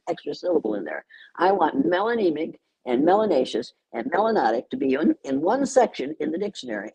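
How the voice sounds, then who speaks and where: An older American woman talks in an emphatic, insistent way, often repeating words to drive them home. Her voice is dark and mellow with a husky grain. She speaks as a guest in a conversational interview. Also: sits low, low-quality recording. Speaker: guest educator.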